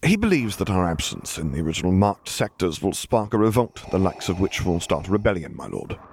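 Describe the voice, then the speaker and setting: Man reading a calm male ship captain: measured, deep-voiced, dutiful. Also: creaky, a little hiss or hum, exaggerated voice. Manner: measured and even.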